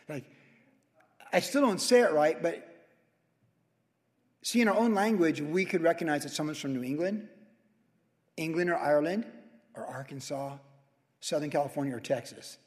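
A man teaches through scripture in a lively, conversational sermon and punches certain lines with sudden loud emphasis. His voice sits a little high. The sound rings with the long reverb of a church hall. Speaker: pastor. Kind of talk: verse-by-verse sermon.

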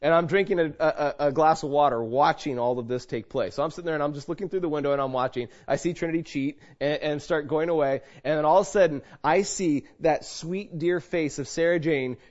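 Middle-aged man, pastor, high voice, animated storyteller with loud and hushed swings, dull lo-fi recording. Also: brisk, hardly any pauses. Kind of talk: sermon. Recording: dull lo-fi sound.

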